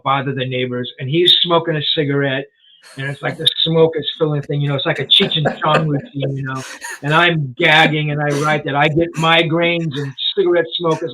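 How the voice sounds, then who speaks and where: With a sharp, slightly high voice, a man in his sixties, a rock journalist and author, rambles through a story as an interview guest. The chat is casual, peppered with "you know" and restarts, and the recording sounds tinny and phone-like.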